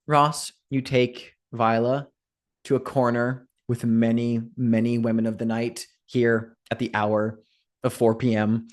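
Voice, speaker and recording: A man's voice: mid-range voice, level tone, unhurried. A man as game master, narrating a tabletop game in a casual, loose way. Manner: casual, laughing, filler-heavy.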